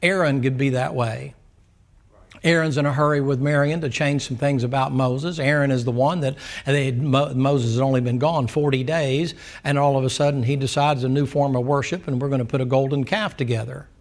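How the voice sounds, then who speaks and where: A man's voice: medium pitch, steady tone, fairly quick. A man preaching a Sunday school sermon in a folksy storytelling way, often asking the class questions.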